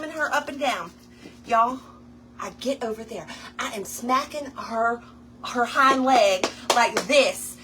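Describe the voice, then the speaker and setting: There's slight background noise as a woman with a fairly high voice talks at a measured pace. She hosts a craft livestream, chatting away animatedly to viewers she calls y'all while crafting and telling a story.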